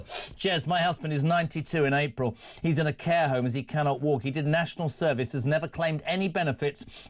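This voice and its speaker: Man, talk radio host, slightly high voice, emphatic, opinionated, reading out messages.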